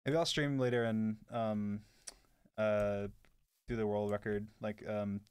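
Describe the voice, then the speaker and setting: A man's voice: on the low side, steady tone, takes it slowly, a little mellow, clear, resonant tone, no echo. A young man in his twenties casually answering chat on a live stream, blunt and sarcastic, with lots of "like". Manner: blunt and offhand, heavy filler "like", sarcastic asides.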